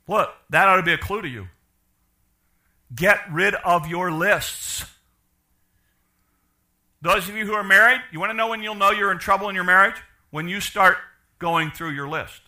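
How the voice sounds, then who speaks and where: A middle-aged man preaching a sermon, animated, acting out quoted characters, with frequent restarts. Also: high voice, moderate pace. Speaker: pastor.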